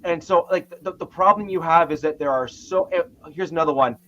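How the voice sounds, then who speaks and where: A man's voice: on the high side, brisk, fairly bright tone, lo-fi sound, slight background noise. A man co-hosting a sports podcast, rambling through his points with frequent restarts. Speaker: podcast co-host. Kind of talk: casual sports chat.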